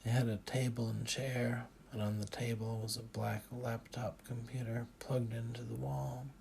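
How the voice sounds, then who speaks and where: A man narrating a first-person audiobook in a measured, dry manner. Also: medium pitch, flat delivery, gravelly, a little mellow, slight background noise.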